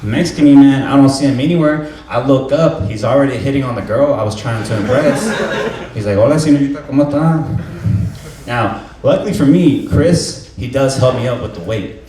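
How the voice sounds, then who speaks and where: In a comedy club with an audience laughing, a young adult man delivers a stand-up set, spinning stories in a laid-back way and cracking himself up. He sounds mid-range, animated and brisk, recorded from a distance in a roomy hall with faint noise and crowd sounds.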